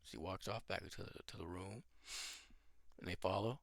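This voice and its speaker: A man casually rambling through his own film pitch as a channel host, thinking aloud as he goes. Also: normal speed, gravelly, dry recording, clean studio sound.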